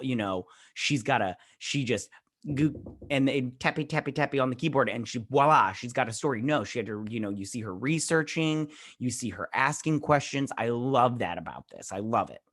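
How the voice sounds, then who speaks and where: A man's voice: mid-range voice, fairly bright tone. A man in a mid-range voice recaps a TV episode in a loose, rambling way. He acts out bits of what characters say and drops blunt, sometimes crude asides. He sounds like a casual review host.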